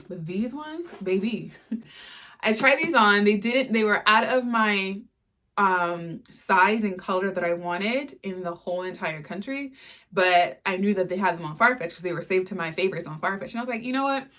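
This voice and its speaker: A woman in her twenties chatting casually and excitedly as she unboxes shoes, full of playful asides and filler words. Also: mid-range voice. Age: 20s. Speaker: fashion vlogger.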